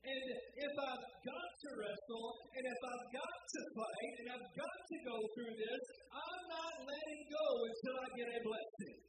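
High-voiced preacher in an echoey hall. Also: male voice, normal speed, few pauses. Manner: emphatic, rising to shouts and call-and-response. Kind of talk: sermon. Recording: roomy, distant, noisy hall sound.

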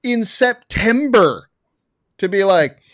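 A man's voice: sits high, animated, takes it slowly, a bit bright. A man co-hosting a gaming podcast, ranting with profane sarcasm at his desk mic. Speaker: podcast co-host. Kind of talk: casual chat, ranting.

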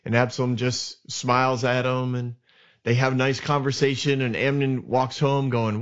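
A man hosts a storytelling podcast and retells scripture as a casual chat. He slips into quick acted lines for the characters. His mid-range voice comes through a dull, lo-fi recording. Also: medium pitch, clean tone. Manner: animated retelling with acted asides. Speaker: podcast host retelling Bible stories. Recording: dull lo-fi sound.

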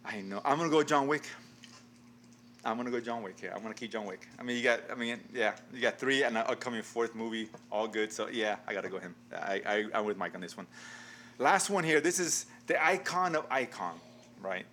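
A man's voice: mid-range voice, expressive, fairly quick, bright, forceful tone, slight background noise. A man hosting a casual podcast chat, leading a game and laughing often. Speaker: podcast host.

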